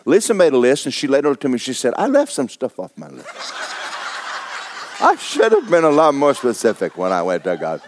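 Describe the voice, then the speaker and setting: A man, preaching a folksy, joking sermon that often jumps high in pitch for emphasis. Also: wildly swooping pitch, normal speed, a little hiss or hum. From Florida. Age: 70s. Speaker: pastor.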